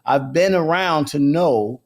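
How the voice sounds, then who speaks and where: A man hosting a casual live show, chatting and bursting into loud, laughing rants. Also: on the high side, slow pace. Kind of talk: casual live-stream chat.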